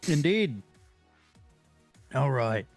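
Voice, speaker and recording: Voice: medium pitch, very animated, very slow, creaky, soft background music. A podcast co-host reading a comic-book character profile aloud, casual and swearing, stumbling over hard names.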